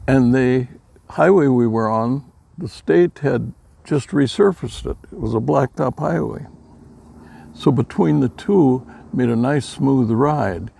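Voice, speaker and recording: An older man from Minnesota, telling folksy personal stories in a plain-spoken, unhurried way, with a gravelly voice. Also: medium pitch, mellow. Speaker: storyteller. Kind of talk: casual personal storytelling.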